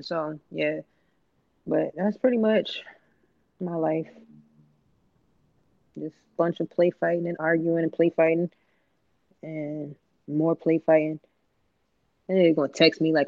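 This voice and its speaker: A podcast host chats about family life with a gravelly edge to the voice. The stories are animated and slangy, with the kids' lines acted out. The recording is dry and dull, like lo-fi audio. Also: medium pitch, slow pace, pauses often, no echo. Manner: animated, laughing, slangy, acts out family dialogue. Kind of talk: casual storytelling chat.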